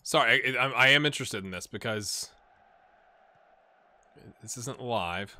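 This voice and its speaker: A man with a bright, forward voice talks through his football management game in a close, dry sound. He muses aloud over menus, then lifts into quick, excited play-by-play as the action unfolds. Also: medium pitch, dry recording. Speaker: gaming channel host. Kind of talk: casual gameplay commentary.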